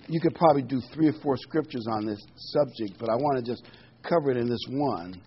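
A man's voice: mid-range voice, dull audio, slight background noise. A middle-aged man giving a casual sermon, reading scripture and musing aloud with frequent ums and restarts. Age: middle-aged or older. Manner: conversational, rambling, many ums and restarts. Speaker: preacher.

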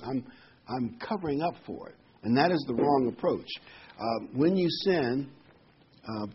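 A man preaching an informal sermon, speaking in a conversational way with fillers and asides. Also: medium pitch. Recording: slightly dull recording with faint hiss.

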